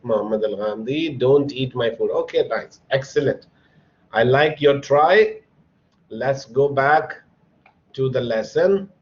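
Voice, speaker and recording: Male English teacher, unhurried and encouraging, mid-pitched voice, dull lo-fi sound. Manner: slow, patient, encouraging, calls on students by name. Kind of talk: online classroom lesson.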